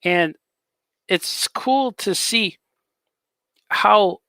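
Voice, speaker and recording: A man's voice: sits high, extremely slow, sharp tone, clean tone, no echo. A man hosting a casual live stream as a cartoonist, rambling in an easygoing way and chatting with viewers.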